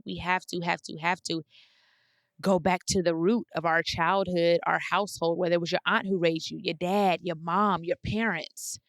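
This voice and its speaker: A woman's voice: medium pitch, a bit bright, dry recording. A woman in her thirties hosting a podcast, giving blunt, emphatic advice in a casual monologue and repeating phrases for weight. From United States. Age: 30s. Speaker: podcast host.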